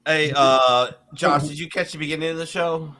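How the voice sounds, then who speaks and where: A middle-aged man from Wisconsin hosting a casual bar-show chat, talking fast, joking and swearing. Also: on the high side, fairly even intonation, pushed and bright. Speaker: host.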